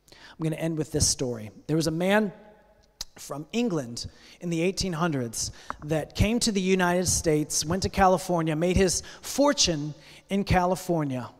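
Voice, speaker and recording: Earnest male preacher in a ringing hall. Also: on the high side. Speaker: pastor. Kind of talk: sermon with storytelling. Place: church sanctuary. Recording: long church hall reverb.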